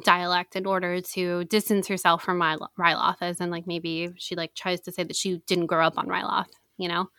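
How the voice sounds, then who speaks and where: A woman's voice: lowish voice, little pitch movement, moderate pace, few pauses, bright, forceful tone, no echo. A woman co-hosting a podcast in casual chat, chatty and hedging with lots of fillers. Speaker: podcast co-host.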